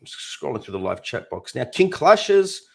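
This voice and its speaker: Blunt, lively man swearing casually. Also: mid-range voice, a little slow, vocal fry, husky. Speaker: podcast co-host. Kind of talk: casual chat.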